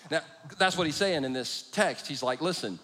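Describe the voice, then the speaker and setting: A man's voice: fairly high pitch, expressive, moderate pace, pushed and bright. A middle-aged man preaching a sermon, telling stories with self-deprecating humor. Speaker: pastor. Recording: long reverb of a large hall.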